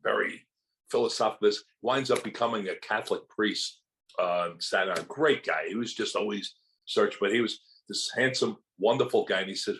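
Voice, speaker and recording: An older man tells stories as an interview guest, his voice sitting a little low. He talks in a loose, animated way and slips into quick impressions of the people in his tales. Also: poor audio. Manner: animated anecdotes, acting out quotes from others. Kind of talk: storytelling in a casual interview.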